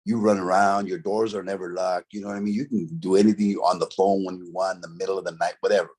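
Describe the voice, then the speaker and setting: A man's voice: sits low, level tone, quick pace, darkish tone, husky. A middle-aged man, telling a story from his past in a casual, profane, streetwise way, full of "bro" and "right?". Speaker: interview guest, former convict.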